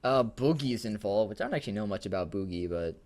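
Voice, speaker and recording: A man's voice: lowish voice, animated, fast talker, darkish tone. A young man co-hosting a casual podcast, rambling and laughing, swearing freely. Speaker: podcast co-host. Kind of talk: casual chat.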